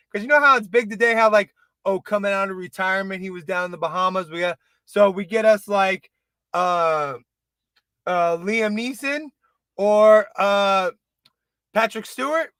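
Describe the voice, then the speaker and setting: Man, casual chat host, rambling, excitable, swears a lot, high pitch, dry close sound. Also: dry recording. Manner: rambling, excitable, swears freely, many restarts. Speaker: podcast host.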